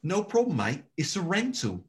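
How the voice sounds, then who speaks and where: A man voicing a brash, carefree man who keeps shouting "mate" and doesn't care about anything. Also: sits high, huge pitch swings, measured pace, pitched above the performer's own voice, heavily acted.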